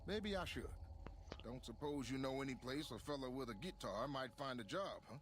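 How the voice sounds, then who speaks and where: A man plays a weary, plainspoken drifter with a guitar, talking in a relaxed Texan drawl. His video game character voice sits at an ordinary middle pitch, with a faint hiss behind it. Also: moderate pace, lightly acted. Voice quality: easygoing drawl. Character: wandering young male guitarist, weary, plainspoken.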